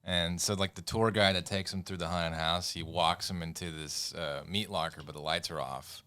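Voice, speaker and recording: In a casual podcast chat, a co-host tells rambling stories, laughing along and sometimes losing his words. His low voice is steady, sharp, clear and resonant, at a moderate pace. The recording is dry and of studio quality.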